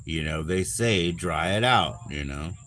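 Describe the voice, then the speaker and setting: A man in his forties on a casual livestream, rambling and swearing, often trailing off into low mumbles. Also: lively intonation, a little slow, fairly bright tone, slight background noise. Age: 40s. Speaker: livestream host.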